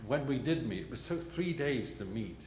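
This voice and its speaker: An older man telling a rambling, self-deprecating story at a gallery panel, halting with many restarts. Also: medium pitch, expressive. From England. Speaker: panel guest, illustrator. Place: gallery panel before an audience. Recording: echoey gallery hall, noisy.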